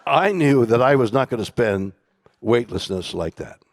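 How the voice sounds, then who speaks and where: An older man telling a story as a keynote guest on stage, theatrical, dropping from loud bursts into hushed whispers. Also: mid-range voice, expressive, normal speed, a little hiss or hum. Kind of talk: dramatic storytelling conversation. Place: conference stage.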